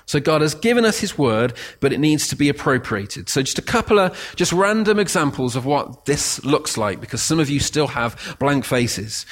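A man preaches in a church with a slightly higher voice. He drops low and quiet to read verses, then builds to emphatic, near-shouted declarations. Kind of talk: sermon.

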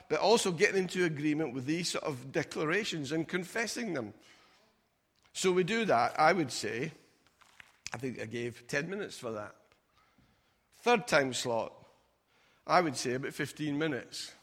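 Pastor preaching in a reverberant church. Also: male voice, on the high side, a bit bright. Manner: conversational preaching, mimics doubters in mocking asides, laughs at own jokes. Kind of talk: sermon. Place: church auditorium. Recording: long hall reverb.

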